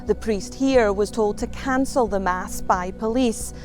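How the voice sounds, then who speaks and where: A woman giving measured, scripted documentary narration. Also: mid-range voice, a little mellow, soft background music.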